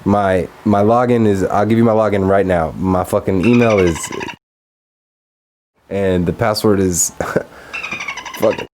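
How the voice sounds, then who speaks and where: A man's voice: lowish voice, unhurried, pauses often, a little hiss or hum. A young man in his twenties from Texas, hosting a casual solo podcast, ranting with lots of swearing and laughing often. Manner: profane, animated, laughs often. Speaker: podcast host.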